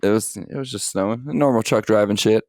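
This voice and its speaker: A man's voice: on the low side, a little fast, dry recording, clean studio sound. A man co-hosting a crude podcast, chatting bluntly with lots of swearing and joking impressions. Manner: blunt, profane banter with mock impressions. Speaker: podcast co-host. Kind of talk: crude casual chat.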